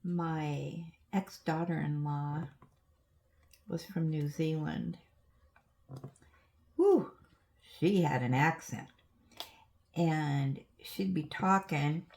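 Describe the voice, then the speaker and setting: Low, slow, gravelly older woman. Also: a little mellow. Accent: Oregon. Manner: rambling, chatty storytelling with asides. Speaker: crafting vlogger. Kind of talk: casual chat while diamond painting.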